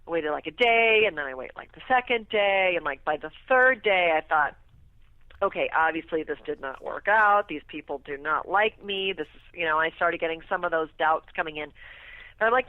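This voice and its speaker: Animated woman storyteller on a phone line. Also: fairly low pitch, moderate pace, no room sound. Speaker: radio guest. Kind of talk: casual storytelling interview. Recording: tinny phone line, dry.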